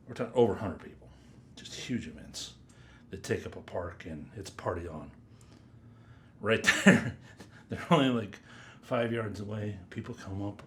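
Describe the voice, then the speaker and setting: A man giving a casual, rambling first-impressions review of perfumes, chatty and drifting into quiet mutters as he sniffs. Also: low-pitched, a little hiss or hum. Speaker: fragrance reviewer.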